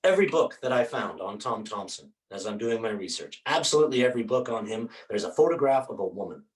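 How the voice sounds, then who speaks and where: A man performing a one-man theatre show. He tells the story in an animated way with dramatic asides, and paints on stage while he talks. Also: fairly low pitch, quick pace. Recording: roomy stage sound from a distance.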